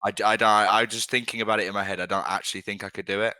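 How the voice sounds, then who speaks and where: Bright, dry-voiced young man bantering. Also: lowish voice, little pitch movement, racing, dry recording. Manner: jokey, blunt banter with swearing. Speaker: podcast co-host. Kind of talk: casual football chat.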